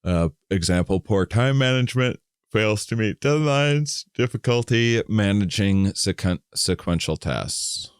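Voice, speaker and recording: A man's voice: lowish voice, expressive, a little slow, hardly any pauses, smooth, no echo, clean studio sound. A middle-aged man co-hosting a casual podcast, rambling and self-deprecating as he reads survey questions aloud. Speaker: podcast co-host.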